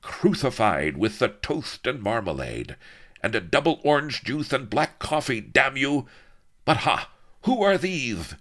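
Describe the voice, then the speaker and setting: A man's voice: on the low side, expressive, a little slow, creaky, voice pushed up. A man voicing a blustering, paranoid villain viceroy. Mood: furious. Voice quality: blaring, then lisping and oily.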